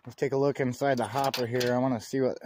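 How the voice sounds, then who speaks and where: A man's voice: medium pitch, fast. Casual man narrating over engine noise. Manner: relaxed, chatty, talks while working. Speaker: DIY off-grid vlogger.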